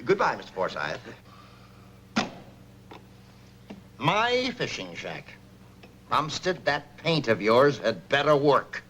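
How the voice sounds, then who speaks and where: An actor playing an excitable, blustering middle-aged boss with a theatrical way of talking, in 1940s film acting. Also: male voice, medium pitch, measured pace, slight background noise. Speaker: businessman.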